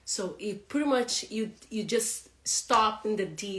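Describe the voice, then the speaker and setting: A woman, a non-native English speaker, giving a casual pronunciation lesson, laughing often and repeating words slowly. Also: a little high, fairly bright tone, roomy sound. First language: not English. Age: adult with a young son.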